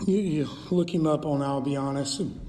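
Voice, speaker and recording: A man's voice: on the high side, normal speed, mellow, a little hiss or hum. A man preaching a sermon in a church sanctuary, fervent and emphatic, driving points home by repetition. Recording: long reverb of a large hall.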